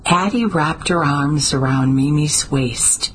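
Woman narrator, story reading, low voice, slow and measured. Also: a little hiss or hum, poor audio. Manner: steady and measured, with small slips. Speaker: audiobook narrator. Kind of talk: scripted narration.

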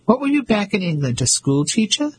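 Male reader as a teasing, self-assured fisherman; husky, slightly high. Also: sing-song, fairly quick, full character voice, low-quality recording. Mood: mocking. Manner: mocking, confident.

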